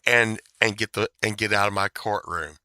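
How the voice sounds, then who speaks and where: A man quoting a laid-back male judge in a low, offhand voice. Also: fairly even intonation, moderate pace, bright, forceful tone, dry recording. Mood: wry.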